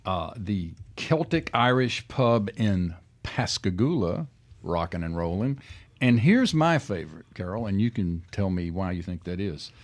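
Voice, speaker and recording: A man's voice: sits low, expressive, a little slow. A man hosting a radio food show, chatting casually with frequent uh fillers.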